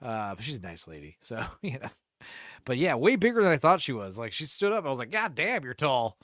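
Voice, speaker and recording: A man's voice: medium pitch, very animated, brisk, fairly bright tone, no echo, studio quality. A man co-hosting a podcast in casual chat, rambling and cursing as he acts out quotes in different voices. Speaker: podcast co-host.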